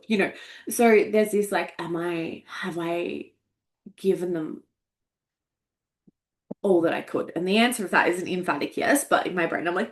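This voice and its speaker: A woman's voice: on the low side, moderate pace, pauses often. Frank, swearing woman coach. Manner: frank and profane, emotional, laughing at herself. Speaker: energetics coach. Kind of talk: candid casual monologue.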